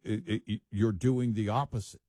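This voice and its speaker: A man co-hosting a talk show, speaking in a measured, deliberate way. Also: on the low side, steady tone, warm tone, no echo. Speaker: co-host. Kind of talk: casual talk show commentary.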